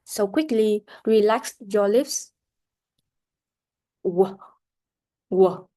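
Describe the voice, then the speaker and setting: With a mellow, mid-range voice, a woman explains English pronunciation to a class. She speaks deliberately and keeps backing up to restart her sentences.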